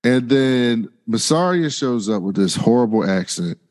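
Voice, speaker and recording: A man's voice: mid-range voice, expressive, measured pace, a little mellow, in a large hall. A man co-hosting a podcast, recapping the episode in a laid-back, hesitant way. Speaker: podcast co-host.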